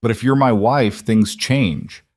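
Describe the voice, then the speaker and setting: Man doing a calm, blunt lone cowboy. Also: mid-range voice, slow pace, no room sound, clean studio sound. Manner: calm, level, matter-of-fact.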